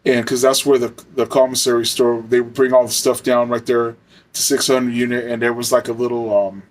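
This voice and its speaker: Man, casual storyteller, rambling, lots of fillers and cursing, mid-pitched voice. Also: flat delivery, fairly quick. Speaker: storyteller, former corrections officer.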